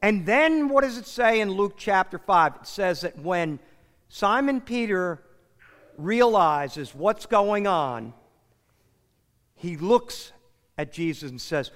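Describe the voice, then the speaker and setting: Man, pastor preaching, high voice, very lively delivery, hall reverb. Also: slow pace. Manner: animated preaching, acting out quoted lines. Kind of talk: sermon.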